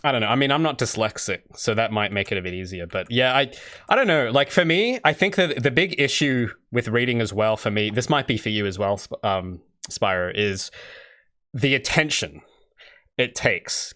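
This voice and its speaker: A man's voice: mid-range voice, expressive, moderate pace, a bit bright. A young man from Australia chatting casually on his game dev livestream, rambling and answering chat. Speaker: indie game developer streaming.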